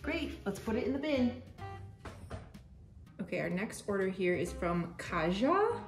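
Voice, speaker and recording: A young woman talks her way through packing orders in a loose, rambling voice-over, muttering to herself and cheering now and then. Her voice sits at an ordinary middle pitch. The sound is roomy, with music running behind her. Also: sing-song, unhurried. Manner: chatty, muttering to herself, cheerful outbursts, casual swearing. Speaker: small artist packing shop orders. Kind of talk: chatty packing vlog voice-over. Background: background music.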